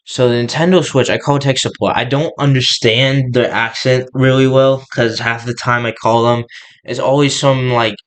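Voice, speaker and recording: A man's voice: medium pitch, fairly even intonation, moderate pace, rough recording. A young man rambling casually in a gaming vlog, restarting his sentences often. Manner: rambling, many restarts and filler words. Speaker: gaming vlogger.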